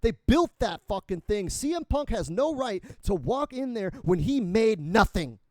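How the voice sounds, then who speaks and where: A man's voice: high voice, big pitch swings, normal speed, dark tone, dry recording. A man co-hosting a podcast, ranting heatedly with lots of swearing in casual chat. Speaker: podcast co-host.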